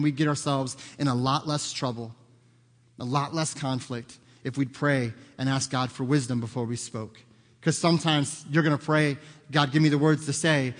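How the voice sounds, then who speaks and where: Earnest male pastor preaching in a reverberant hall. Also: fairly high pitch. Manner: earnest, conversational preaching with personal stories. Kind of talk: sermon.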